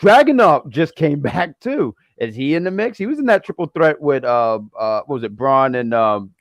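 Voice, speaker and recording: Lively joking man, dry sound. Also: fairly high pitch, normal speed, no room sound. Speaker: wrestling show co-host. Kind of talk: casual chat.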